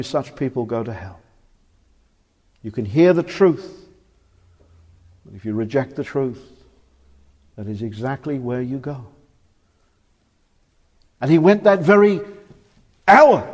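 A man in his forties preaching a fervent sermon in a church, swinging from emphatic declarations to hushed, grave warnings. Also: a little high. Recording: reverberant church hall.

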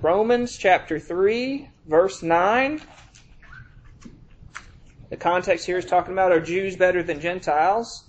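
A man preaching a sermon in a conversational way, checking in with his listeners and reading scripture slowly with heavy emphasis. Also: high-pitched. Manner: reads scripture aloud in slow, drawn-out emphasis; conversational, checks in with "all right?".

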